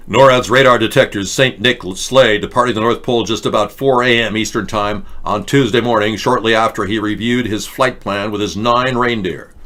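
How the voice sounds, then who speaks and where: A man with a bright, forward voice hosts a satirical politics show. He rambles through mocking, sarcastic rants at a middling pitch. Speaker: host.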